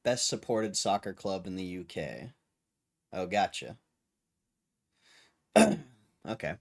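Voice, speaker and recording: A man's voice: low-pitched, lively intonation, takes it slowly, creaky. Laid-back young streamer man. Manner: laid-back, rambling, lots of fillers and slang. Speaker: livestream host. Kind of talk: casual livestream chat.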